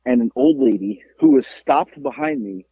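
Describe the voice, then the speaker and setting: A man from Florida, a podcast host, telling a profane story in a lively, repetitive way. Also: mid-range voice, normal speed, slightly rough, no echo, narrow, tinny audio. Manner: animated, profane, repeats himself. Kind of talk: casual storytelling chat.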